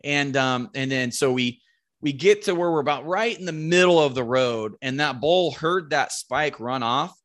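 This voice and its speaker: Guy with a bright, sharp voice telling a hunting story, swears a lot, super animated. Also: mid-range voice, moderate pace. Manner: swears freely, animated and chatty. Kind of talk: casual storytelling.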